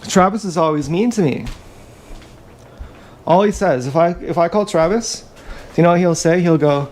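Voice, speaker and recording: A man with a slightly high voice rambles crudely through a livestream, stopping often to clear his throat. He talks into an action camera, with a faint hiss behind him. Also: normal speed, pauses often, a little mellow.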